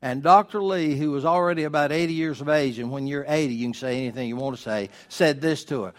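A male pastor, preaching a sermon emphatically, with rhetorical questions and slowed words for stress. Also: a little high.

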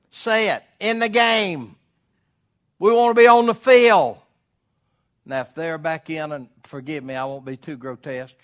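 A man preaching a sermon as pastor, swinging from loud calls to quiet storytelling. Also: medium pitch. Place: church.

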